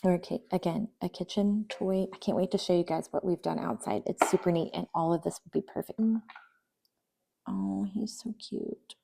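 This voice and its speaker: A woman's voice: lowish voice, fairly even intonation, moderate pace, vocal fry, warm tone. A young woman chatting casually while sorting her kids' toys, often trailing into near-whispers. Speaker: vlogger. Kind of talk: casual voice-over while decluttering.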